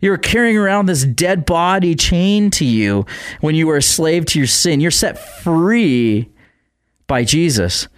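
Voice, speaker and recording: A man's voice: fairly high pitch, animated, unhurried, no echo. Earnest man reading and preaching Scripture. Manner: earnest, conversational preaching with filler words. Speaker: radio devotional speaker. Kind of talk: Bible reading and devotional commentary. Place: radio studio.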